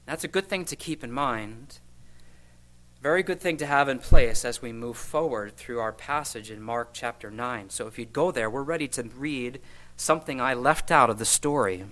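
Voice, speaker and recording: A man preaching an expository sermon, reading scripture aloud and then commenting with gentle asides. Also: mid-range voice, normal speed, poor audio.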